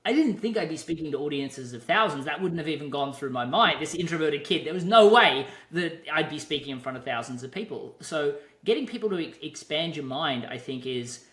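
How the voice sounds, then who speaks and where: A man's voice: fairly high pitch, animated, a little fast, few pauses, a bit bright. A man hosting an interview, talking in a reflective way with frequent restarts. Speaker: podcast host. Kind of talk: casual interview chat. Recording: roomy echo.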